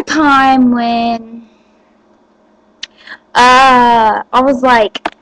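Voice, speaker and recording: A woman's voice: a little high, normal speed, dry recording, poor audio. A teenage girl chatting to the camera, giggly and rambling with lots of fillers. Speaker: vlogger. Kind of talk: casual chat to camera.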